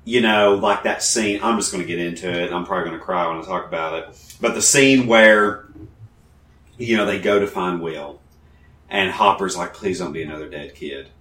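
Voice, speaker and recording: A man chatting casually as a podcast co-host, animated and quick to laugh while he retells scenes from a show. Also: low voice, echoey room. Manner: animated, laughs often, acts out quotes. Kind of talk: casual chat about a TV show.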